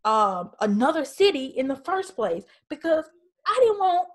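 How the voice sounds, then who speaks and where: A woman's voice: high-pitched, sing-song, a little slow, voice pushed up. A woman voicing an exasperated, sulking male prophet, complaining in a whiny, indignant way.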